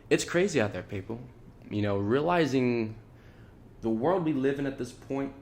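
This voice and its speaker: A man's voice: medium pitch, a little hiss or hum. A man hosting a casual spiritual monologue, rambling and earnest, with many "like"s and "you know"s and frequent repeats. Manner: loose, earnest, repeats himself.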